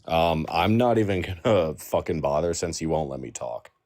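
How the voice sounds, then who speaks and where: A man calling in to a live debate stream, with a very low voice. He sounds defensive and answers sarcastically when interrupted. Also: expressive, normal speed, darkish tone. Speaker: caller. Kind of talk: call-in debate.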